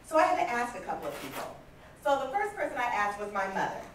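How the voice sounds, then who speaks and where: A woman in her fifties giving a motivational talk at a conference, telling stories in a lively way and acting out the voices she quotes. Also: on the high side, fast, a crowd in the background. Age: 50s. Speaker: conference speaker. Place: large conference hall. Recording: echoey hall from far off.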